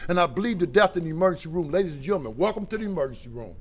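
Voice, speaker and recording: A middle-aged man from Ohio, giving a plain-spoken personal testimony at a recovery meeting, swinging between loud and quiet. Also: high voice, expressive, rapid-fire, hardly any pauses. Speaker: recovery speaker.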